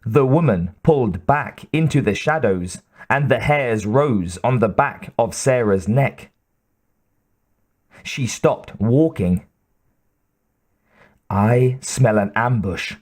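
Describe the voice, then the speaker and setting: A man reading an audiobook in a measured, even narration. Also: medium pitch.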